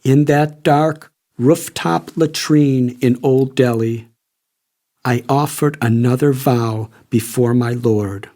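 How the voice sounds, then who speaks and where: Slow, calm older American man. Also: mid-range voice. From United States. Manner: calm, measured, reflective. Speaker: author narrating his memoir. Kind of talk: audiobook narration. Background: faint music.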